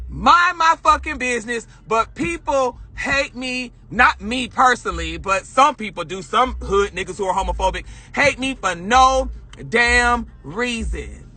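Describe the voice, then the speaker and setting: A young man with a very high, bright voice and a husky edge, venting to his viewers from his parked car. He talks in a style, emphatic and full of swearing, addressing the audience directly. It sounds like a phone recording. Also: animated, unhurried, few pauses. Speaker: vlogger. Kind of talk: heated casual rant to viewers. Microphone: phone camera.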